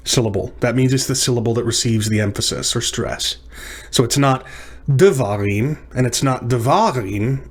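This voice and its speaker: A man teaching a recorded lesson at a mid pitch. He explains each term patiently, repeats words and restarts his sentences now and then. He speaks into a desk microphone for a screen recording. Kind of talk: recorded lecture practice session.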